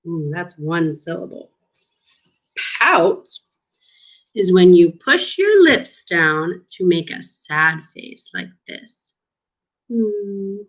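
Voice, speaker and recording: A woman reading a storybook to little children, taking her time and stretching out each word. Her voice swoops up and down in a lively, sing-song teacher manner, full of gentle encouragement. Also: mid-range voice. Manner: slow, sing-song, encouraging teacher talk with drawn-out words. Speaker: speech therapy clinician reading to children. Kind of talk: children's storybook read-aloud lesson.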